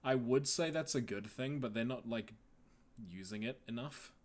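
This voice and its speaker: A man's voice: mid-range voice, normal speed. A young man co-hosting a podcast in casual chat, laid-back, laughing often and trailing off mid-sentence. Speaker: podcast co-host.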